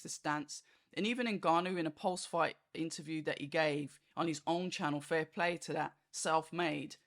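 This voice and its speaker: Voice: medium pitch, a bit bright. Chatty boxing vlogger. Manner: chatty and rambling, fillers like "like" and "you know", acts out quoted reactions. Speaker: boxing channel host. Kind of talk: casual fight review monologue.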